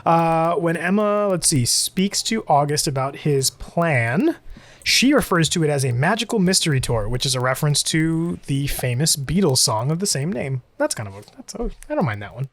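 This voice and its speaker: A man's voice: fairly high pitch, very animated, normal speed. A man co-hosting a podcast, chatting casually and rambling, often interrupting himself and laughing. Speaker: podcast co-host. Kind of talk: casual chat.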